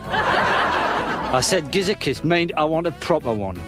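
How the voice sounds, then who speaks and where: An actor playing a vulgar, boastful young lad from Newcastle on a blind date. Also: male voice, fairly high pitch, animated, slow pace, loud music behind the voice. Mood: cheeky.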